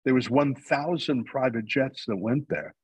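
A man's voice: mid-range voice, a little slow, slightly rough, dry recording, low-quality recording. A man from Canada speaking as a guest in a radio interview, making his case in an argumentative, emphatic way and answering his own rhetorical questions. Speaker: guest, news company founder.

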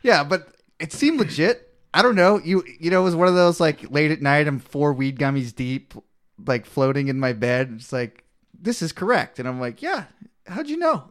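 A man co-hosting a podcast in casual chat, making crude deadpan jokes and telling stories. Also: fairly high pitch, moderate pace, smooth. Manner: deadpan, crude jokey asides. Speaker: podcast co-host.

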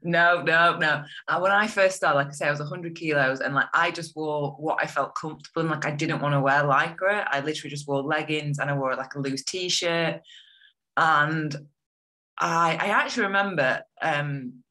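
A young woman talks in a bright, forward voice. She is chatty and enthusiastic, leaning on fillers as she speaks in a casual interview. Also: sits low, moderate pace. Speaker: guest.

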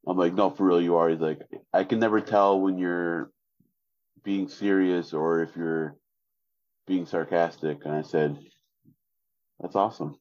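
A man, co-hosting a casual podcast chat in a flat, deadpan way with lots of fillers. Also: low voice, a little slow, pauses often, no room sound, highs cut off. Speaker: podcast co-host.

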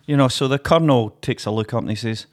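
Animated man telling a joke. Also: medium pitch, quick pace. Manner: animated storyteller who laughs often. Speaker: podcast co-host. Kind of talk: casual chat and joke telling.

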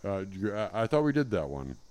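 A man's voice: on the low side, big pitch swings, fairly quick, a little mellow, clear, resonant tone. A man co-hosting a comedy podcast, crude and rambling, with many restarts. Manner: crude, hesitant, lots of restarts. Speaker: podcast co-host. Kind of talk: casual comedy banter.

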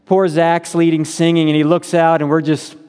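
A man's voice: on the high side, little pitch movement, normal speed, a little mellow, clean tone. Earnest man preaching in a church hall. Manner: conversational, earnest, many fillers. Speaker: pastor. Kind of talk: sermon. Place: church sanctuary.

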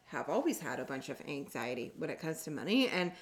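Lowish voiced woman telling stories on a podcast, casual and laughy. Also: sing-song, brisk. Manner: chatty storyteller, laughs easily. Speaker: podcast co-host. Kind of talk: casual chat.

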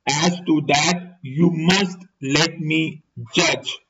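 A man reading as a calm, shrewd detective. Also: a little high. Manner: measured, gently probing. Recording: dull lo-fi recording with steady noise.

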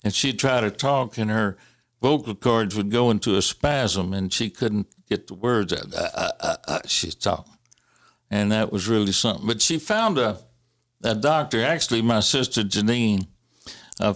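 A man casually telling family stories in a halting way, with many fillers and restarts and the odd chuckle. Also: on the low side. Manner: chuckles while recalling. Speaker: interviewee recalling family history. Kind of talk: casual storytelling.

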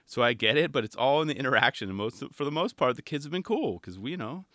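In his home garage, a podcast host reacts to a skate video with laid-back, rambling commentary, often acting out what people said. His mid-range voice is a bit bright and quick, with big pitch swings. The studio-mic recording is clean and echo-free.

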